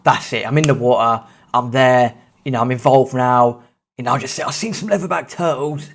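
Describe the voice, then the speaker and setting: Thirties male podcast host, casual anecdotal delivery, self-deprecating and animated. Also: mid-range voice, moderate pace. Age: 30s. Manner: animated, self-mocking anecdote telling with swearing. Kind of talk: casual storytelling.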